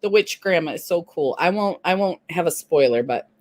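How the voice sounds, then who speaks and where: A woman's voice: lowish voice, animated, normal speed, no room sound. A woman co-hosting a casual live stream, chatting and greeting viewers by name.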